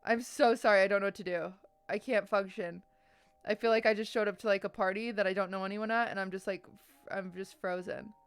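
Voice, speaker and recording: A woman's voice: medium pitch, steady tone, fairly quick, smooth, no room sound. A woman live streamer chatting casually to her viewers. She is overwhelmed and teary, sighing and laughing as she thanks them. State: teary and shaky from crying.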